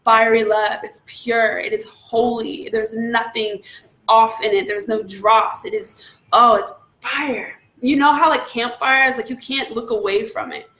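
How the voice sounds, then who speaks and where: A woman leading a devotional meditation, often exclaiming in awe and laughing softly. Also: a little high, fairly even intonation, unhurried, roomy sound. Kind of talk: devotional teaching.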